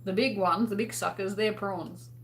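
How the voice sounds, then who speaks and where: Hosting a relaxed livestream, an Australian woman replies to viewer comments, laughing and leaning on plenty of fillers. Her mid-range voice keeps a fairly even intonation at a normal speed, with a little hiss or hum in the audio.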